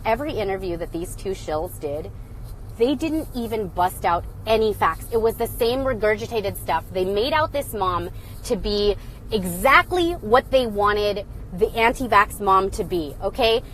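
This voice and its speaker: A young woman hosting a casual live stream, talking loudly and excitedly in a sarcastic, mocking way. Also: mid-range voice, unhurried, a little hiss or hum, low-quality recording. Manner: loud and excited. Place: indoors, phone live stream. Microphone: phone.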